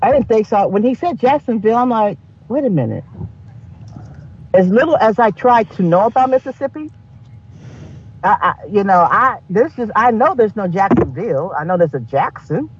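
A man co-hosting a podcast in casual chat, animated and profane, laughing often. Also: sits high, moderate pace, muffled recording, slight background noise. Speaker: podcast co-host.

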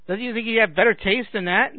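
Sarcastic talk host, man, high voice, phone-thin dry audio. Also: fast talker, no echo, phone-quality sound. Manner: sarcastic ranting with mocking put-on voices. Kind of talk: comedic monologue.

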